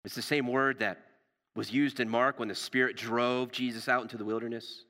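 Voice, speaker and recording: A male pastor preaching a sermon in a storytelling way, rising for drama and dropping low and soft for tender moments. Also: steady tone, moderate pace, in a large hall.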